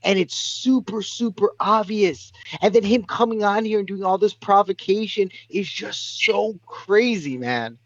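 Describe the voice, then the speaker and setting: A male caller in a live stream rants in a heated, argumentative way. His voice sits high for a man. The call audio is dull and completely dry. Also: a little slow, hardly any pauses, no room sound. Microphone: remote call audio.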